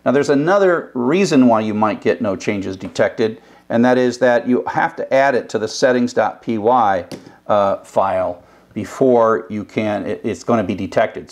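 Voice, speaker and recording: An older man teaching web programming in a recorded lecture. He explains casually and thinks aloud, with restarts. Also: mid-range voice. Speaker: programming instructor.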